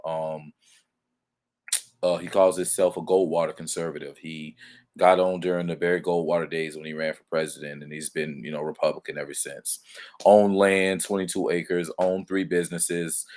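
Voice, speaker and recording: A man's voice: sits low, level tone, moderate pace, darkish tone. A man, calling in to chat in a laid-back, slangy way. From Georgia. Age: 30s. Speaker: guest caller. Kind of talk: casual chat.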